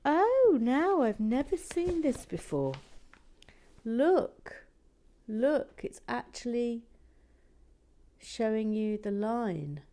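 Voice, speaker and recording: A woman's voice: fairly high pitch, big pitch swings, extremely slow, long pauses, warm tone. A woman hosting a Lego build vlog, chatting casually and muttering or whispering to herself as she concentrates.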